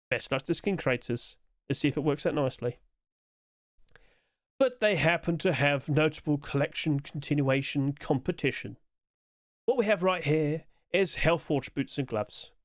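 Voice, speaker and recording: Guy, upbeat rambling skins commentary, slightly high voice, chuckles often. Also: no room sound, studio quality. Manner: chatty, rambling, chuckles to himself; quick-talking, trying to rush through. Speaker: game skin commentator. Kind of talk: casual solo commentary.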